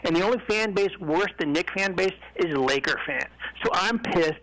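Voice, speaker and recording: A man's voice: sits high, animated, normal speed, a bit bright, rough recording. A man calling in to a sports radio show, brash and trash-talking, bitter and boastful. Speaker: caller. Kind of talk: heated sports radio call.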